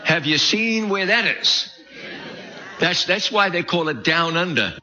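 Bright-voiced man with a faded Kiwi accent. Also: high voice, animated, unhurried. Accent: faded New Zealand. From New Zealand. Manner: folksy, joking and self-deprecating, with frequent restarts. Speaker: preacher leading a Bible study series. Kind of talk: conversational sermon. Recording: dull lo-fi recording.

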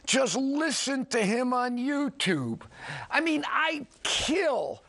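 A man with a New York twang hosts his program in a loose, chatty monologue. His voice has a gravelly edge and swings widely up and down as he talks. He takes his time and throws in exclamations and jokes at his own expense. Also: very high voice, slow. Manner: chatty, animated, with exclamations and self-deprecating asides. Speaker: program host. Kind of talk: casual radio-style monologue.

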